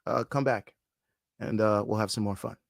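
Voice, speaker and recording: A man's voice: lowish voice, steady tone, normal speed, vocal fry, dry recording, clean studio sound. A man hosting a casual livestream, reading chat comments aloud, swearing freely and laughing often. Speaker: host.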